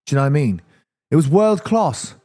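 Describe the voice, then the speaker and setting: Excitable man hosting a watchalong. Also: fairly high pitch, brisk. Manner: excitable, reacting aloud to live play; chatty, addresses viewers and reads their comments. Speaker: watchalong host. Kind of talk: live football watchalong commentary.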